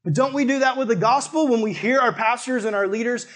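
A man's voice: very high-pitched, fast, a bit bright. A man preaching a sermon in a conversational, emphatic way, speaking straight to his listeners.

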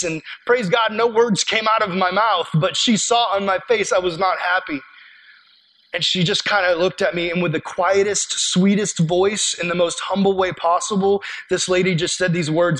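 High-pitched guy preaching, earnest and chatty, goes real quiet on the big points. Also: low-quality recording. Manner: earnest, conversational storytelling with quiet drops. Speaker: pastor. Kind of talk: sermon.

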